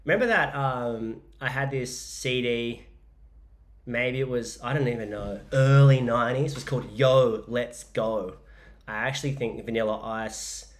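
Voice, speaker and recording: An Australian man talks through a relaxed podcast monologue, drifting between stories and business advice. His voice sits at an ordinary middle pitch, and he rambles with plenty of fillers and jokes. He sounds like a man in his forties chatting casually. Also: normal speed. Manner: rambling, jokey storytelling with many fillers. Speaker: podcast host and business coach.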